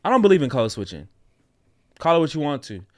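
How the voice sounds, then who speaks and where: A man co-hosting a casual reaction show, speaking in an animated, opinionated way. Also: a little high, fast, dry recording, clean studio sound. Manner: animated, opinionated, slips into mocking voices. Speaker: co-host.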